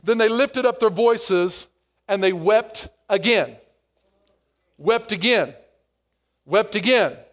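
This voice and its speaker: A male pastor preaching a sermon in an animated way, acting out inner voices as he goes. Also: high voice, slow, long pauses.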